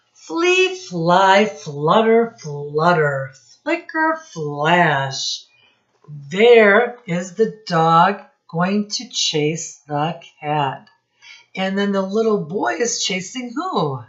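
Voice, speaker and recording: A woman teacher reading a picture book aloud to young children, asking them questions in a slow, sing-song teacherly way. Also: medium pitch, highs cut off.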